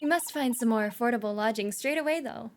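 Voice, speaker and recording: A woman's voice: fairly high pitch, quick pace, a little hiss or hum, natural voice. A woman voicing a polite, composed young female legal assistant, courteous and earnest.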